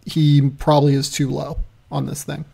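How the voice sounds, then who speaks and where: A man's voice: a little high, completely flat delivery, normal speed, gravelly, mellow, husky. A man hosting a podcast, chatting casually and loosely about basketball draft prospects, laughing at himself. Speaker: podcast host.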